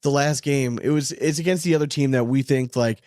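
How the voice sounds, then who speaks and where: A man's voice: medium pitch, brisk, darkish tone, no echo, studio quality. Man rambling through a coaching story. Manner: rambling storyteller, heavy use of "like". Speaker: podcast co-host. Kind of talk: casual chat.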